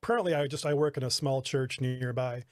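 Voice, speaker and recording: A man's voice: medium pitch, a little fast, darkish tone. A man who works at a small church, talking easygoingly as a podcast guest. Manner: easygoing, laughs while talking. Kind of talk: casual interview chat.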